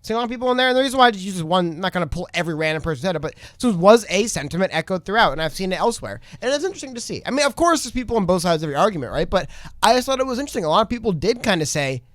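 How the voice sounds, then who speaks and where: Man, podcast host, high voice, rapid pace, dry recording, incredulous casual commentary. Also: no echo. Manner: fast, lively, incredulous, often puts on quoted voices.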